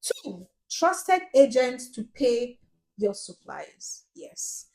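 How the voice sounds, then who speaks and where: A woman's voice: fairly high pitch, sing-song, drawn-out words, darkish tone. A young Nigerian woman hosting a casual advice vlog, talking directly and emphatically with frequent ums. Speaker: host.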